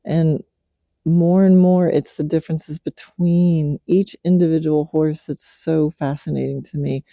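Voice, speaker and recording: Middle-aged woman host with a dark, dry, close-up sound, talking slowly and gently as she praises her horse. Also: deep voice, gravelly, no room sound. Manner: soft, relaxed, coaxing the horse with praise. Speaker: podcast host, horse trainer. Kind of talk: casual spoken reflection while working a horse. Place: outdoors at night with her horse.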